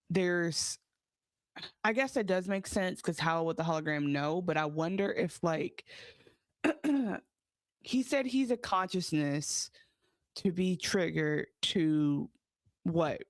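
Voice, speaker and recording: A woman's voice: on the low side, slow, pauses often, no room sound. A woman co-hosting a podcast, thinking aloud hesitantly in casual chat. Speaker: podcast co-host.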